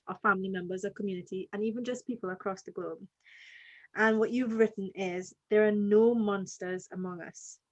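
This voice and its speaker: A woman hosting an interview, asking calm, measured questions. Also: mid-range voice, muffled recording. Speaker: host.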